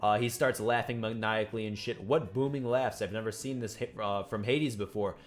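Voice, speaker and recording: A man hosting a casual reaction show, reading aloud and commenting in an excitable, profane way, with faint music behind him. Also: lowish voice, moderate pace. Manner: excitable and profane, laughs along. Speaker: manga reaction host.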